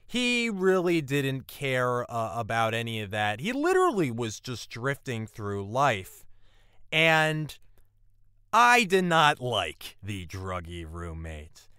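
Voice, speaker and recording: Wry, lively male storyteller. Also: smooth, no room sound, clean studio sound. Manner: wry, animated storytelling with lively pitch swings. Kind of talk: personal story performance. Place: apartment life in New York City.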